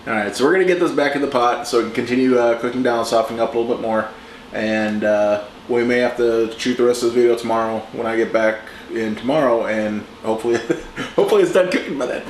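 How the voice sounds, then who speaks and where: A man hosting a home cooking show, talking through a recipe in a relaxed, chatty way as he works in his kitchen. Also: medium pitch, fairly quick, slight background noise. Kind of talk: casual cooking demonstration. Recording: echoey kitchen with clattering dishes.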